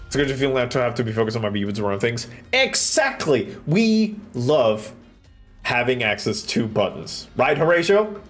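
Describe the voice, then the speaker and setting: A man's voice: mid-range voice, very animated, moderate pace, a bit bright, faint music behind. A man streaming live from a home setup, chatting casually and rambling with jokes and bursts of swearing while he codes. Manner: rambling and jokey, with sudden swearing outbursts. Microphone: desk microphone close in front.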